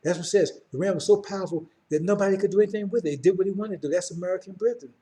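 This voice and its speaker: Give me a middle-aged man with a warm, slightly high voice giving an emphatic, informal Bible lesson. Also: rapid-fire. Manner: emphatic, keeps checking in with listeners. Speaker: Bible class teacher. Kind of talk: informal Bible class lecture.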